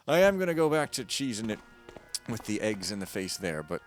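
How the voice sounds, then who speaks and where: A man's voice: fairly low pitch, sing-song, normal speed, faint music behind. Rambling, jokey gamer man. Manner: rambling, jokey, swings between loud bursts and mumbling. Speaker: gaming streamer. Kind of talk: casual let's-play commentary. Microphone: close desk mic.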